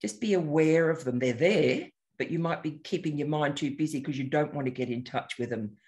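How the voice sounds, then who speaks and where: An older man, a meditation teacher, talking in a gentle, unhurried, reflective way as he introduces a guided meditation. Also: on the high side.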